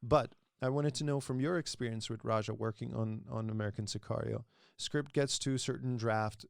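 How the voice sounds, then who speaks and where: A male podcast host asks long questions that loop back and restart before he lands on them. His voice is mid-pitched and conversational. The sound is close and dry. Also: fairly even intonation, moderate pace, creaky, no room sound. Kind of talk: casual interview. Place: podcast set.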